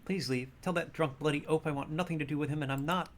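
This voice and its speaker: A man voicing a sweet-voiced, evasive woman librarian in a video game, talking softly and primly. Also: a little high, steady tone, fast talker, lightly acted. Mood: flustered. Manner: soft, prim, sugary and guarded.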